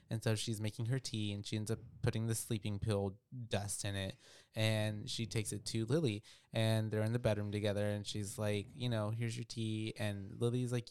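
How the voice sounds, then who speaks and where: A man's voice: on the low side, little pitch movement, moderate pace, darkish tone, clean tone, no room sound. A man co-hosting a podcast, casually recapping a movie with loose, profane storytelling and lots of fillers. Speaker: podcast co-host.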